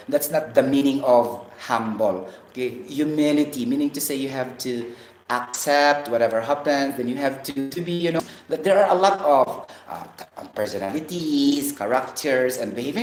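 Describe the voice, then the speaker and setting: A man from the Philippines, vlogging in a rambling, preachy monologue and tagging phrases with a questioning "okay?". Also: fairly high pitch. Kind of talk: casual vlog monologue. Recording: roomy echo.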